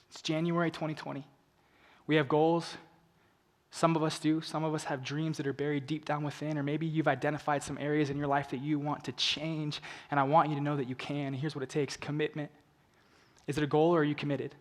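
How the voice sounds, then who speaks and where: A man's voice: little pitch movement, fairly quick. Earnest male speaker in a reverberant hall. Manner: earnest storytelling, dropping to hushed emotional lows and rising to urgent appeals. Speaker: motivational speaker. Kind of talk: inspirational stage talk. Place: large event hall on stage. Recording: long reverb of a large hall.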